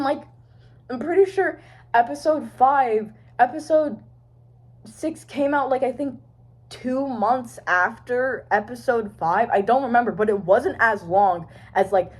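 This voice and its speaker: A woman's voice: on the high side, slightly rough. A woman vlogger talking to her phone camera in a rambling, casual way, swearing and trailing off. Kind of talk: rambling casual fan chat.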